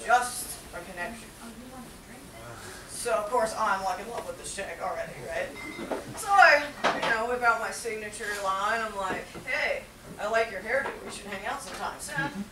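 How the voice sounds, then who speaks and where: Woman doing a crude rambly young dude, kinda high voice, echoey theater, mic far off, lots of noise. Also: lively intonation, measured pace. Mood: rambling. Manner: rambling, filler-heavy, crude swearing. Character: brash crude young man chasing a date. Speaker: solo performer. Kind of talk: stand-up character monologue. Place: small theater with live audience.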